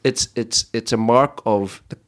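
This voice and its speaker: An Irish man hosting a casual podcast chat, animated and laughing, often stumbling over his words. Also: medium pitch, measured pace. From Ireland. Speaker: podcast host.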